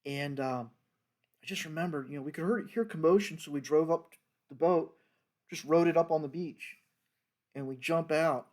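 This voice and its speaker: A retired federal fisheries agent with a darkish, fairly high voice tells a story from his working days at normal speed. It's a casual, rambling monologue full of fillers and restarts.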